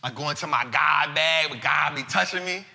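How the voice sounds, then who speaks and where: A man hosting a live finance talk show, animated and casual, full of slang and repeated phrases. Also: on the high side, moderate pace, gravelly, long reverb tail.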